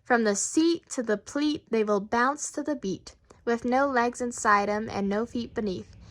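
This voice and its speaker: A woman reading children's poems aloud, with playful, rhythmic and expressive delivery. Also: a little high, measured pace, rough recording. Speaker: reader.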